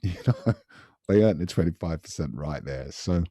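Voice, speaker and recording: A deep, mellow-toned man, recounting a story for a podcast. He talks casually and animatedly, circling back with repeats and little asides. His voice sounds dry and close. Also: normal speed, slightly rough, no echo. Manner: animated, repetitive retelling with frequent asides. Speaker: podcast guest recalling past events.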